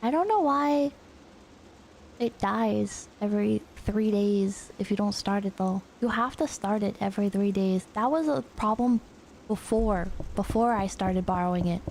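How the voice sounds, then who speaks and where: Mellow, gravelly-voiced woman streamer. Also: mid-range voice, measured pace, a little hiss or hum. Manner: rambling, animated retelling with frequent swearing. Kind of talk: casual storytelling chat.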